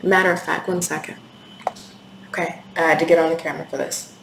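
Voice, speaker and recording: A woman's voice: deep voice, little pitch movement, fairly quick, vocal fry. A woman giving a candid, intense tarot reading to camera, swearing freely as she talks. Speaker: tarot reader. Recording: echoey room with faint hiss.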